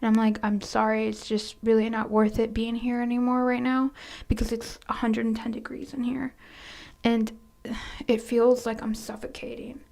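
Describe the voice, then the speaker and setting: A soft-spoken woman tells a casual storytime in a fairly high but gravelly voice. Her delivery is flat and level, with hesitant restarts, and she often drops into near-whispers. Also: normal speed. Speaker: storytime vlogger.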